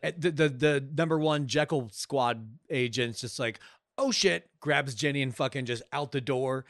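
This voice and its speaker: A man's voice: mid-range voice, fairly bright tone, no echo. Man, podcast co-host, casual banter, profane and playful, dry studio sound. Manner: profane, jokey, slips into mock quotes. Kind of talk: casual movie-review chat.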